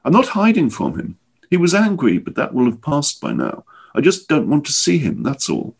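A man's voice: fairly high pitch, wildly swooping pitch, moderate pace, vocal fry, slightly rough, pitched above the performer's own voice, heavily acted. A man voicing a proud, defiant young man, speaking with intense urgency. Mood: restless.

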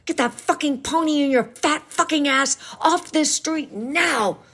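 A woman reading the lines of a furious father who shouts and swears at a relative. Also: high-pitched, measured pace, pitched above the performer's own voice. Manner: yelling, cursing in a rage. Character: furious swearing father yelling at his brother-in-law.

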